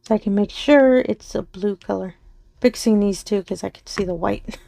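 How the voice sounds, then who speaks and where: A woman chatting casually while diamond painting on her craft channel, her voice going soft and slow as she focuses, with frequent giggles. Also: medium pitch, creaky. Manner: giggles often between remarks. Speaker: crafting vlogger.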